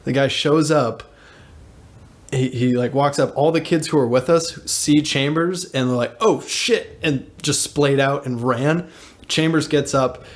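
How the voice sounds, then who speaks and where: A man's voice: medium pitch, steady tone, a little slow. Young man telling a rambling story. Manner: rambling, laughing, acts out voices in anecdotes. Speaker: podcast co-host. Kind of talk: casual storytelling.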